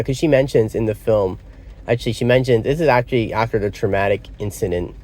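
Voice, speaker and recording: A man talks loosely through a movie he loved, wandering off track and circling back with lots of ums and "you know." He speaks at an ordinary pitch, recorded on a small device. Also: a little mellow. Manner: rambling, loses his train of thought, many fillers. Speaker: movie reviewer. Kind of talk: casual spoken film review. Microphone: phone or small device.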